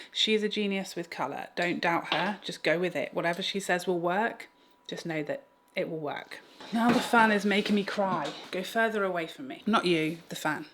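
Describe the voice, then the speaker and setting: A woman vlogging a makeup tutorial at home, chatty and self-mocking as she talks straight to her viewers. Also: on the low side. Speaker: beauty vlogger. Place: home room with a fan.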